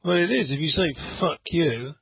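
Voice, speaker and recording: A man teaching English in a relaxed conversation lesson, a chatty storyteller who laughs often. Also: fairly high pitch, normal speed, husky, dry recording. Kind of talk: casual conversation lesson over a call. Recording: phone-like dry audio call.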